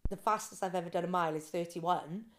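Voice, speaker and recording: A woman guest on a podcast, telling her swim story with animated quoted voices. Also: lowish voice, fast talker. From Britain. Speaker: guest, ice swimmer. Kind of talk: casual interview storytelling.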